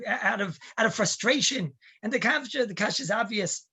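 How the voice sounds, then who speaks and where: A man, a rabbi giving a weekly Torah talk, telling it in an animated way and mixing in Hebrew and Yiddish terms. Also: high-pitched, a little fast, few pauses, husky.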